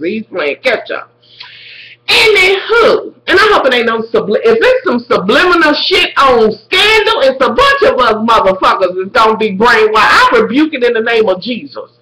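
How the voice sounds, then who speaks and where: A woman recapping a TV drama episode in a casual video, animated and full of swearing as she talks straight to her viewers. Her voice is bright and a little sharp. The room is echoey around her. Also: a little high.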